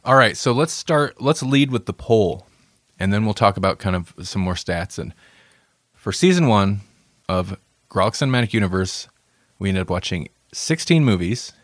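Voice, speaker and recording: Low-voiced joking podcast host. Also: male voice, expressive, normal speed, dry recording, studio quality. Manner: joking, rambling, laughs often. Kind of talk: casual chat.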